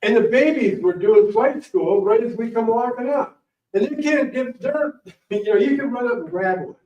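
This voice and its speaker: A man's voice jumps high and low as he rambles through stories to a live audience. He sounds far from the mic in a roomy space, and the recording is a little dull. His pitch sits high for a man. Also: normal speed. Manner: rambling, animated, anecdotal. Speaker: guest speaker, morel hunting champion. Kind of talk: casual storytelling talk to an audience. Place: library meeting room.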